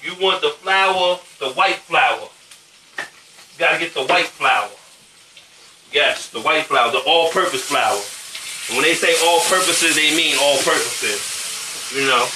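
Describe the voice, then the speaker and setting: A man's voice: a little high, expressive, unhurried, long pauses, roomy sound, noisy background. A man hosting a casual cooking show, chatting in slang while he cooks and often asking if you know what he's saying. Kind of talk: casual cooking demo chat. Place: home kitchen with food frying.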